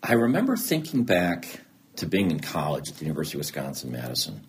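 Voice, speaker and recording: A man's voice: rumbling low, huge pitch swings, fast, a little hiss or hum. A man in his thirties or forties, a guest telling a candid, earnest story about his own life, self-deprecating and acting out the dialogue he recalls. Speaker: interview guest. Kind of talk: candid personal story in an interview.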